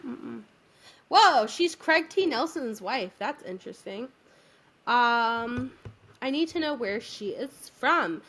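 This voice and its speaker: Bright, animated woman podcast host. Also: a little high, takes it slowly. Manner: animated retelling with quoted voices, frequent fillers. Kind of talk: casual chat recapping a musical.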